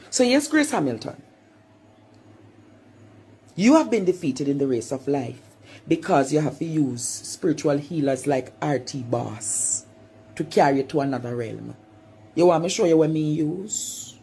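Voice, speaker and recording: A woman's voice: low-pitched, animated, a little slow, long pauses, warm tone, slight background noise. A Jamaican woman in a taunting, preacher-like monologue, repeating her phrases for effect. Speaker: vlogger. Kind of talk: confrontational monologue.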